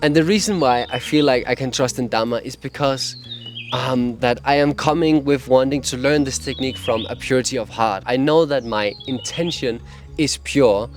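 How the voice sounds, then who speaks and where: A man with a cadence, talking earnestly and openly about his own experience in a personal vlog. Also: medium pitch. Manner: earnest, open, laughs now and then. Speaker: vlogger sharing meditation advice. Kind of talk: casual personal talk to camera.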